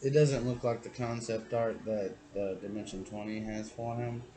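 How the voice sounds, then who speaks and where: A man's voice: on the low side, steady tone, moderate pace, mellow, poor audio. A man, the game master, chatting casually about his tabletop campaign, laid-back and swearing freely. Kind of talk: casual chat.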